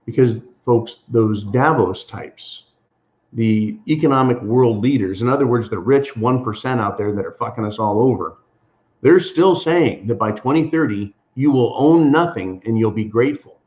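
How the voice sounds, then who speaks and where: A man's voice: mid-range voice, moderate pace, darkish tone. An indignant American man hosting a political commentary monologue, talking emphatically and calling his listeners folks. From USA. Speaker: channel host. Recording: slightly dull lo-fi sound.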